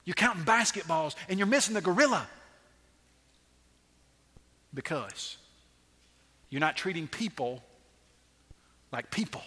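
Animated high-voiced male preacher. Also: long reverb tail. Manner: animated, dramatic pauses, rhetorical questions. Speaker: pastor. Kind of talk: sermon.

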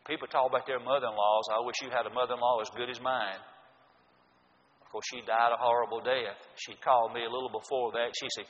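Older man, preacher, folksy emphatic storytelling, bright voice, lo-fi sound. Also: medium pitch, steady tone, brisk. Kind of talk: sermon. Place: church sanctuary. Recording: dull lo-fi sound in a reverberant hall.

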